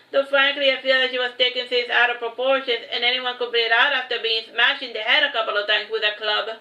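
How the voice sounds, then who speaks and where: High, bright woman reading aloud in an echoey room. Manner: slow, measured read-aloud delivery. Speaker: author reading her book. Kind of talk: first-person book reading. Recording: echoey room, slightly dull sound.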